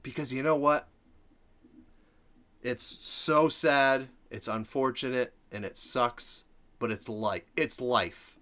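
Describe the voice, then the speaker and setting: A man's voice: mid-range voice, takes it slowly, pushed and bright. A middle-aged man hosting a reaction video, talking earnestly about family. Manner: earnest, heartfelt ranting. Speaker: reaction channel host. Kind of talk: casual reaction commentary.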